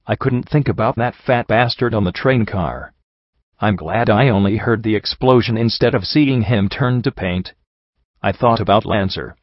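Low-voiced man reading brooding narration. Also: dry recording. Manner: brooding, introspective. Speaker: audiobook reader. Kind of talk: first-person story narration. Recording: dry, dull lo-fi sound.

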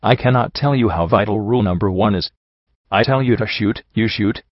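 A man's voice: fairly low pitch, fairly quick, dry recording, close to an everyday voice. A man voicing a tough, bossy female pony riverboat captain who bluntly lays down the rules, on a dull, dry recording. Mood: stern.

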